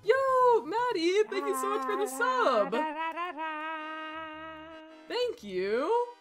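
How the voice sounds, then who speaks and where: High, lively excitable woman streamer. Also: extremely slow, over loud music. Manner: excitable, squeals and gasps at cute animals, swears casually, reads chat aloud. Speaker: Twitch streamer. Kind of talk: casual gaming livestream chat.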